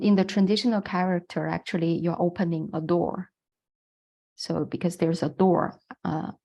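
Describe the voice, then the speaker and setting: A woman's voice: on the low side, vocal fry, dark tone. A woman with a Chinese accent, a non-native English speaker, giving an online lecture on the Chinese language in a patient, explanatory way with frequent fillers.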